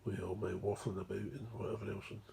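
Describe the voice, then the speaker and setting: A man's voice: fairly low pitch, flat delivery, quick pace, creaky, dark tone, a little hiss or hum. A Scottish man, mumbling and digressive, explaining a recovery program in a rambling way. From Scotland. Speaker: recovery speaker.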